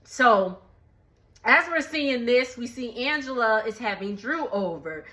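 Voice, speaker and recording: A young woman with a fairly high, sharp voice recaps a TV episode from her home kitchen dining area, speaking animatedly but a little slowly. She's a recap vlogger, chatty and laughing often, with slangy speech.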